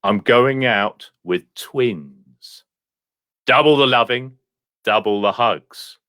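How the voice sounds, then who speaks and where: A man's voice: medium pitch, takes it slowly, bright, forceful tone, no room sound, studio quality. A man voicing his boastful cousin, an adult man who brags eagerly about his love life. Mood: boasting.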